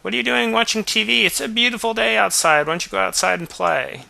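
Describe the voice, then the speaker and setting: A man voicing a cheerful, nagging suburban mother in a much higher, chirpy voice. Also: fast talker, creaky, pushed and bright, full character voice. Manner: high, bossy and chirpy.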